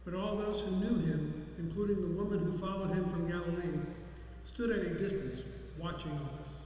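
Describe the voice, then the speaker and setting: Male scripture reader, high-pitched and halting, recorded in an echoey hall. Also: dark tone, a little hiss or hum. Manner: halting, with restarts. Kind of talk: reading scripture aloud.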